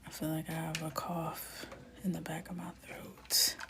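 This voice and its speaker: A woman chatting casually on a live stream as she colors, greeting viewers by name, often dropping to a soft near-whisper. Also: sits low, completely flat delivery, unhurried.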